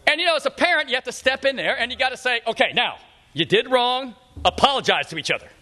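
A middle-aged man preaching a sermon in a church, speaking emphatically and slowing down to stress repeated phrases. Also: very high voice, lively intonation, pushed and bright. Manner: emphatic, repetitive preaching with slowed punchlines. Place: church sanctuary.

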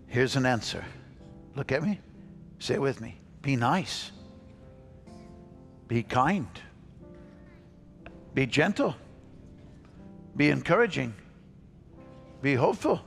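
Upbeat pastor leading kids in call-and-response. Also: male voice, fairly high pitch, animated, moderate pace, vocal fry, long pauses, faint music behind. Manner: upbeat, coaxing, repeats phrases for kids. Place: church sanctuary.

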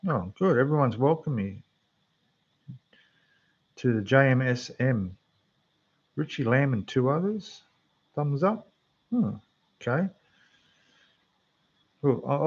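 A rambling, chatty Australian man hosts a casual scale model livestream, talking to the chat while he builds. His voice is medium-pitched and darkish, rough and losing its depth, on a dull desk mic that fades when he turns away.

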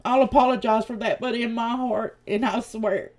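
A woman from Tennessee, giving a heated, profane vlog rant that swings between loud outbursts and hushed talk. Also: on the high side, fairly even intonation, moderate pace. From Tennessee, USA. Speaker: YouTuber.

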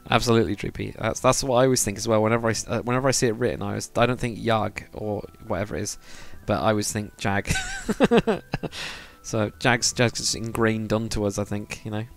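Building in a game during a live stream, a young man rambles casually and reads out his viewers' comments. His voice is on the low side, and he talks fast.

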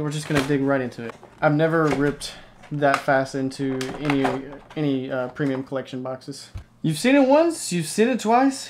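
A man hosting a casual unboxing video, talking excitedly and rambling as he opens card packs. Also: on the high side, noisy background. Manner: excitable, rambling, hyped reactions. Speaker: card-opening channel host.

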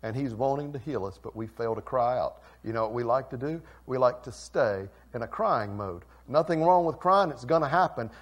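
A male pastor preaching a passionate sermon that swings between loud and soft. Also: mid-range voice, lively intonation, normal speed, few pauses.

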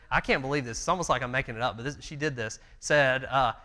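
A man's voice: mid-range voice, fairly quick, hardly any pauses, bright, forceful tone. A man in his thirties teaching a church Bible class, telling stories earnestly and conversationally with fillers. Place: church meeting room. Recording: long church hall reverb.

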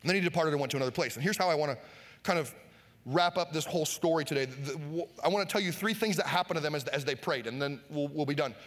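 A pastor preaching a sermon, animated, acting out Bible scenes and shouting for emphasis. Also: male voice, fairly high pitch, fast. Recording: long hall reverb.

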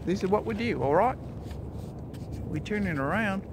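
A man with a high voice rattles off playful commentary on an outdoor trail, his pitch swinging all over. The recording is rough and outdoors, with loud wind and rumbling noise underneath. He sounds like he is filming himself on a handheld camera. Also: lively intonation, normal speed. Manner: playful, jokey running commentary. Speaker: vlogger. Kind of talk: casual outdoor chat while riding. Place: outdoors on a nature preserve trail.

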